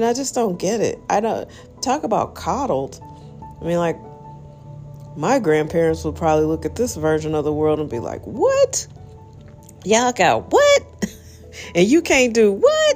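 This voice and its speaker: A woman hosting a podcast, giving a blunt, emphatic opinion monologue that jumps into sudden high exclamations. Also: warm tone. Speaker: podcast host.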